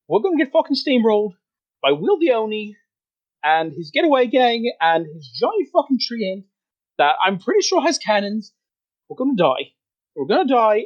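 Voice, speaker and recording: Guy doing a high jumpy rabbit guard, frets n swears, tabletop game voice. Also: lo-fi sound. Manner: frantic, swearing, worrying. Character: jittery panicky male rabbit-folk guard.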